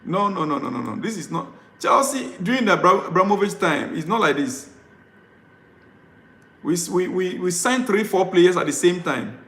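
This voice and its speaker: A man's voice: sits high, lively intonation, normal speed, bright, forceful tone, reverberant. A man live-streaming as a football fan vlogger, ranting and pleading, repeating himself in exasperation.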